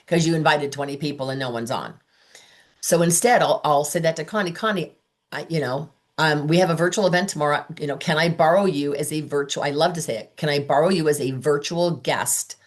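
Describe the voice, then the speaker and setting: A woman's voice: deep voice, fairly quick. A woman leading a sales training, talking with enthusiasm and acting out the texts and replies she quotes. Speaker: sales director giving training. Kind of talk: training talk.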